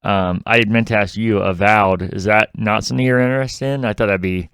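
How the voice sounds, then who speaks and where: A man co-hosting a gaming podcast, laid-back and quick to laugh. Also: on the low side, fairly even intonation, a bit bright, clear, resonant tone, dry recording. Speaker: podcast co-host. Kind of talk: casual chat.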